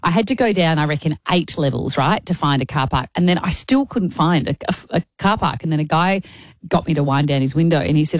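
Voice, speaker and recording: A woman co-hosting a radio show, telling a story in an animated, rambling way from the studio. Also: sits low, fast talker, dry recording. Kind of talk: breakfast radio chat. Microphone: studio microphone.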